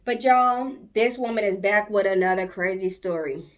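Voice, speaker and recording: A woman's voice: medium pitch, normal speed. Chatty woman commentary host. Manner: chatty, playful. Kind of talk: casual commentary.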